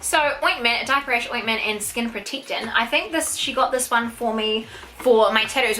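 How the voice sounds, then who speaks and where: This is a young woman with a New Zealand accent, filming an unboxing vlog at home. Her voice is bright and forceful and sits a touch high. She gushes over every item with gasps and squeals, and a faint hiss sits under the recording. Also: low-quality recording. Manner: gushing, excitable, gasps and squeals often. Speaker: YouTuber.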